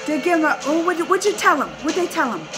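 Lady reacting to a trailer, super high lively voice, yelling and exclaiming at the screen. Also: quick pace, music in the background. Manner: loud, exclaiming, talks straight to viewers. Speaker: reaction video host.

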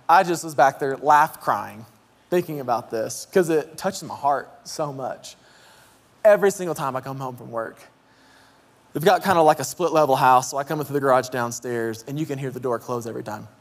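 A man in his thirties preaching in a church, telling a story with deep emotion and shouting out his kids' voices. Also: normal speed. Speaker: pastor. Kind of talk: sermon. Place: church sanctuary. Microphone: handheld mic. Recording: long hall reverb in a church.

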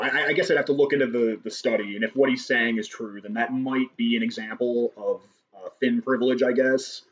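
A man's voice: medium pitch, fairly bright tone. A man hosting a response video, talking in a sarcastic, dismissive way and swearing now and then. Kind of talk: casual commentary on a clip. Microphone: cheap microphone. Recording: lo-fi microphone.

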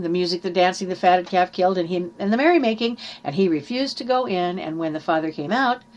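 A woman preaching a sermon in an earnest teaching manner, reading scripture aloud and explaining it. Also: on the low side.

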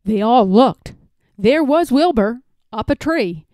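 Brief: a woman narrating a picture book, slow and expressive, dry close sound. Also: on the high side, dry recording. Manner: expressive, gentle storytelling. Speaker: storybook reader. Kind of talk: children's picture book read-aloud.

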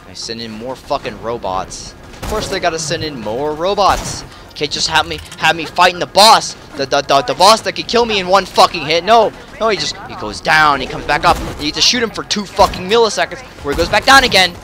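A man's voice: on the high side, animated, fairly quick. A man giving let's play commentary at home, ranting furiously with constant swearing and stammered repeats. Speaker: gamer. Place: at home playing on a television.

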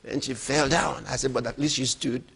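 A middle-aged man preaching a sermon as a pastor, emphatic, moving between loud outbursts and low, quiet storytelling. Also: fairly even intonation, a little fast, gravelly.

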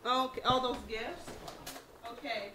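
A woman's voice: on the high side, fairly even intonation, unhurried, noisy background. Mother cooing to her toddler, echoey room. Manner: sweet, coaxing questions to a small child. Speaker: mother and vlog host. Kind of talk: home vlog, chatting with her toddler. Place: family home at a birthday party.

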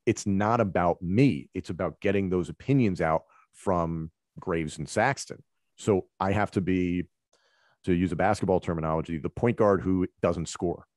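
Male commentator, deep voice, relaxed conversational delivery, dry recording. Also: normal speed, dry recording. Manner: relaxed, conversational, explains with examples. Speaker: wrestling commentator. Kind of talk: conversational interview answers.

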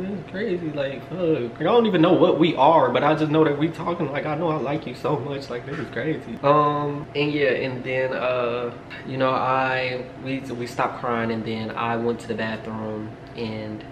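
A man's voice: mid-range voice, background noise. A young man vlogger telling a candid, rambling storytime in a casual way, full of fillers. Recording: echoey room.

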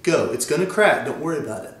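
A man coaching a vocal warm-up while sick, his voice straining and cracking as he demonstrates slides and sirens. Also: fairly high pitch, animated, quick pace, echoey room.

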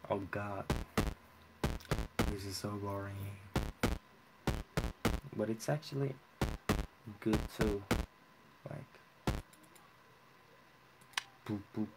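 A young man giving casual, profane commentary while playing a game, excitable and talking to himself. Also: fairly low pitch, extremely slow, long pauses, very noisy. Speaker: let's play gamer.

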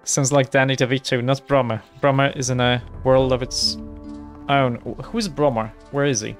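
A young man casually commenting on his gameplay in a chatty, rambling, low-key way. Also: steady tone, moderate pace, soft background music. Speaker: let's play host.

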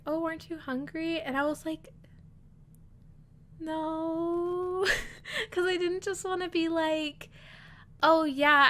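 A woman's voice: on the high side, fairly bright tone. A young woman telling a rambling story in a casual voice-over, chatty and often laughing between lines. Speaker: video creator.

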